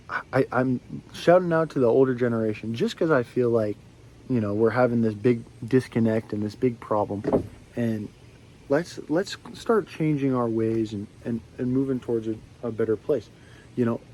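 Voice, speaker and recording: A man's voice: mid-range voice, dark tone, slight background noise. A young man in his twenties, ranting to camera in a rambling way with lots of fillers and restarts. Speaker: vlogger. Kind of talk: ranting monologue.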